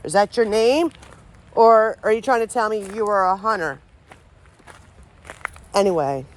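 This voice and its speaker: A woman vlogging outdoors among trees, talking in a loose, rambling way that is often unsure of itself and full of restarted sentences. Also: fairly low pitch. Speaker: paranormal vlogger. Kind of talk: casual rambling talk to camera.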